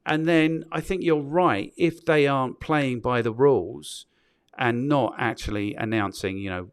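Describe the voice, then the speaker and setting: A man with a smooth, resonant voice hosts a casual podcast discussion and shares his opinions conversationally. His voice is recorded dry, with no room echo. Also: mid-range voice, unhurried. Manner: conversational, opinionated, often checks in with the listener.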